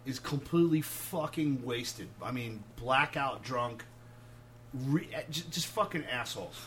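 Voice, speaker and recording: A man, a touring musician, telling animated road stories full of swearing and acted-out quotes. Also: mid-range voice, a little slow, slight background noise. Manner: profane, animated anecdotes acting out quotes. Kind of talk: casual storytelling.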